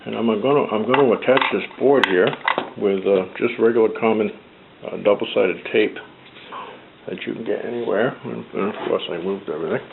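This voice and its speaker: A man's voice: fairly low pitch, a little fast, vocal fry. A man with a New England accent casually narrating a DIY build, rambling as he works with his hands. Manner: rambling, talks while working with his hands. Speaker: hobbyist builder. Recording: tinny phone-like audio with faint noise.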